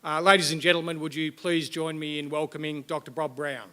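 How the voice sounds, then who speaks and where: A man, the event host, giving a formal introduction of the evening's speaker in a measured way with some fillers. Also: on the high side, level tone, very noisy.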